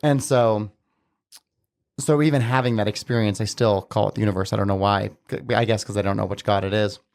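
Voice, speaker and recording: A man's voice: on the low side, fairly even intonation, a little fast, creaky, darkish tone. A man talking as a podcast guest, telling a personal story casually and earnestly, with many filler words. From Southern Utah, USA.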